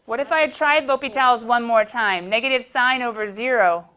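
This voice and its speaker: A woman's voice: a little high, moderate pace, a bit bright, clean tone. A woman teaching a math class, chatty and playful, often talking to herself as she works through problems. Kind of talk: classroom lecture. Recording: faint background noise.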